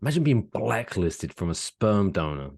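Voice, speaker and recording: Man, low voice, very lively pitch, animated casual podcast chat. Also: moderate pace, husky. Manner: animated storytelling, swooping pitch, laughs while talking. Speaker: podcast co-host.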